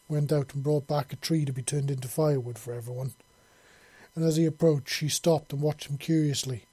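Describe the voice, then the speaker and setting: A male storyteller reads aloud in a relaxed, unhurried way, sometimes correcting himself mid-phrase. His voice is very mellow and slightly husky, pitched a bit high for a man. The recording is dry and close. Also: no echo. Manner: relaxed, with small slips and self-corrections. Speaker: narrator. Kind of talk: storybook narration.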